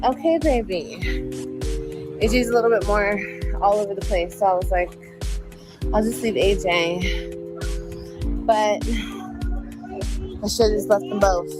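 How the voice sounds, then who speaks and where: A young pregnant woman vlogging in a casual, weary, complaining way, swearing often and sounding close to tears. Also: mid-range voice. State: tearful. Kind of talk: casual phone vlog.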